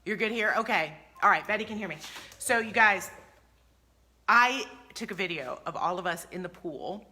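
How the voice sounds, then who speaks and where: A woman's voice: mid-range voice, animated, moderate pace, bright, forceful tone. A woman hosting a furniture painting livestream, chatting casually and telling stories with animation.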